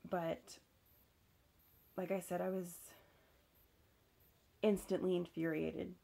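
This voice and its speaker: A woman's voice: lowish voice, flat delivery, slow pace, gravelly, warm tone. A young woman candidly telling a personal story, swearing freely and using lots of fillers. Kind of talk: casual storytelling.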